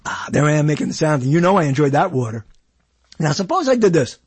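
A man hosting his own show, talking in a chatty, digressive monologue and often clearing his throat. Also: on the high side, big pitch swings, quick pace. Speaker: show host. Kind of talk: casual rambling monologue. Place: indoors, cold dry room.

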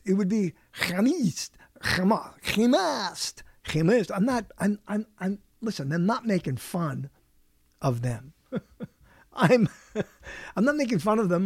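A man's voice: a little high, a little mellow, no room sound. Older man, radio host, solo monologue, stuffy nose, self-correcting, laughing often, dry studio sound. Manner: chuckling often, self-correcting, wandering anecdote.

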